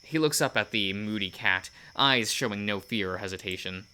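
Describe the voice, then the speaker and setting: Bright-toned man narrating a visual novel. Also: on the low side, normal speed, hardly any pauses, clean tone. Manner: casual narration with fillers and self-corrections. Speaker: let's play host. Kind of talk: reading a visual novel aloud.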